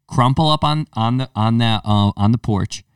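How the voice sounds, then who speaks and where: A man's voice: mid-range voice, normal speed, clear, resonant tone, no echo, studio quality, recorded from a distance. A man hosting a podcast, chatting casually and acting out voices as he tells stories. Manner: animated storyteller, acts out quoted voices. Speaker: podcast host. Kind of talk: casual chat.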